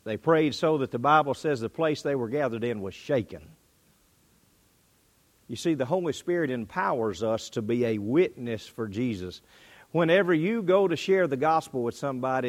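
Man, preacher, sermon delivery, dramatic rises and hushed drops. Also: lively intonation, moderate pace. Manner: dynamic delivery, pitch and volume rising and dropping.

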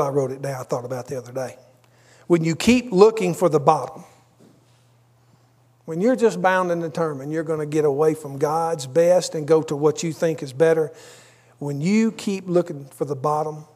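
A man's voice: fairly high pitch, darkish tone, slightly rough. A man preaching a sermon, telling a story conversationally with asides. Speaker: pastor.

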